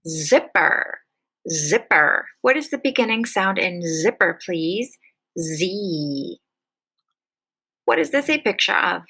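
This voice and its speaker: A woman kindergarten teacher leading a slow, patient phonics lesson, stretching out each letter sound clearly. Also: mid-range voice, expressive, a bit bright, rough recording.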